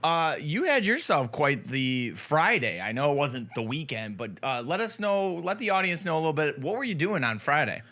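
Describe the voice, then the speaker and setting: A man hosting a live talk show about sports cards, loud and excitable, with shouted bursts of energy. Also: fairly high pitch, normal speed, few pauses. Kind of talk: hyped live-stream banter.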